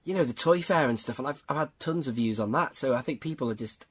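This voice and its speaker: Man, podcast host, mid-pitched voice, enthusiastic, casual chat. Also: fast talker, slightly rough. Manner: enthusiastic, peppers talk with "man".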